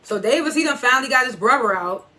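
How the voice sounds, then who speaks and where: A woman's voice: fairly high pitch, lively intonation, fast talker, bright, forceful tone. A woman reviewing a TV episode in a casual recap, loosely retelling scenes and swearing now and then.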